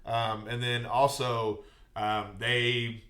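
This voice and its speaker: A man appearing as a podcast guest, telling stories casually and chiming in with quick yeahs. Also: medium pitch, little pitch movement, bright, forceful tone, reverberant. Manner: storytelling, quick agreeing yeahs. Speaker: wrestling referee, podcast guest.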